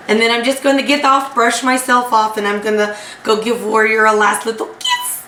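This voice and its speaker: A woman playing a tabletop role-playing game, casually talking through what her character does, halting and full of fillers. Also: mid-range voice, pushed and bright, a little hiss or hum. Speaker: player. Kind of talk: tabletop role-play chat. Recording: echoey room, mic at a distance.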